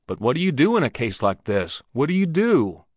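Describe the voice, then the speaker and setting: A man's voice: mid-range voice, big pitch swings, a little slow, a bit bright, no room sound, studio quality. A man voicing a jocular travelling salesman in an old Western story who fires off anxious questions.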